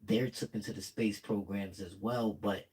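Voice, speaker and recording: A man's voice: fairly low pitch, fairly even intonation, normal speed, a little mellow, rough recording. A man hosting a reaction vlog, talking casually and slangily straight to his viewers. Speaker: vlog host reacting to videos.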